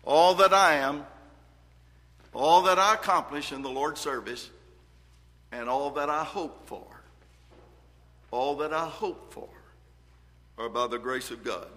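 A man preaching a sermon in a bright, forceful voice pitched a little high. He reads scripture with earnest emphasis, rising and dropping in volume. A long reverb trails his words through the hall. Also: slow pace, pauses often.

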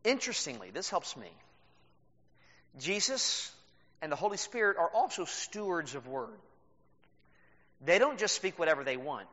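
A man preaching a sermon as pastor, telling a story with animated delivery and laughs. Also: a little high, normal speed, long pauses. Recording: reverberant hall, dull sound.

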